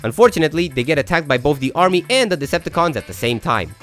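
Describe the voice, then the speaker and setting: A man with a fairly high, lively voice recaps a movie for laughs, dropping sarcastic asides between plot points. Faint music plays under his narration. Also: fast talker.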